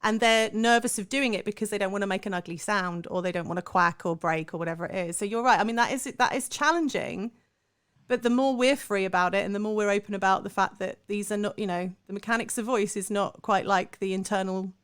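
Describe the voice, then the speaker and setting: Woman, podcast host, singing teacher, reflective, affirming, mid pitch. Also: fairly quick, a bit bright, clear, resonant tone. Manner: philosophical, affirming. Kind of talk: interview podcast.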